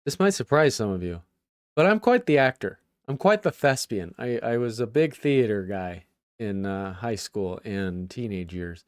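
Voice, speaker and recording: A man's voice: fairly low pitch, lively intonation, moderate pace, dry recording, studio quality. A young man, a former police officer, giving blunt, profane and joking reaction commentary on bodycam footage. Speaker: ex-cop reaction streamer.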